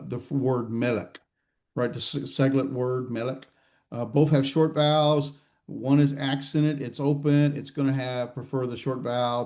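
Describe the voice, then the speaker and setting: A man teaching a grammar class, quizzing students and talking haltingly with many fillers and restarts. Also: mid-range voice, warm tone. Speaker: Hebrew grammar instructor. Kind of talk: classroom lecture with student questions. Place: classroom or online class session.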